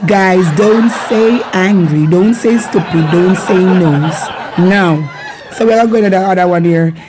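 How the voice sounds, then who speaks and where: A woman's voice: on the low side, a little slow, a crowd in the background, noisy background. Playful Jamaican woman teaching Patois. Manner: playful and energetic, often laughing. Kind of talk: casual video lesson.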